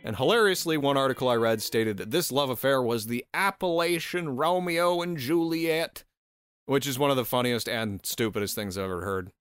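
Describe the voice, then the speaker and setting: A man's voice: medium pitch, expressive, normal speed, a bit bright, smooth, no echo, studio quality, faint music behind. A man hosting a casual podcast and telling a history story, sarcastic and laughing, swearing often and tripping over his words. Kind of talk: casual chat.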